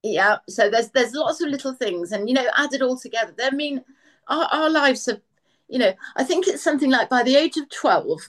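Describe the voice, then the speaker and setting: A woman's voice: sits high, animated, moderate pace. A woman guest on a podcast talking frankly, sounding worn out and rambling with restarts. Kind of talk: casual chat.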